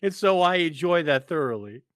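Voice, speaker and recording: An American man co-hosts a casual podcast, launching into a sarcastic rant full of stammers and restarts. His fairly high, bright voice is animated at a normal speed, recorded dry in studio quality.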